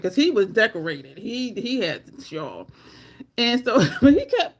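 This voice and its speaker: A middle-aged woman telling personal stories casually, laughing often and mimicking others in a squeaky voice. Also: animated, normal speed. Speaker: storytelling vlogger.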